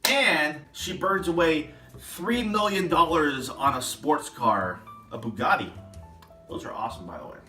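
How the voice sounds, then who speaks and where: A man's voice: fairly high pitch, expressive, measured pace, pushed and bright, roomy sound, distant mic, faint music behind. A man ranting indignantly in a political vlog, sarcastic and getting worked up. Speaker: political vlogger. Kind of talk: ranting commentary.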